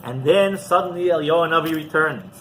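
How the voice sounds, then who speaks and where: A man, a rabbi, teaching a class through an animated story and often checking in with the listeners. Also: on the high side, a little fast, slight background noise, poor audio. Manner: animated storyteller who often asks "right?".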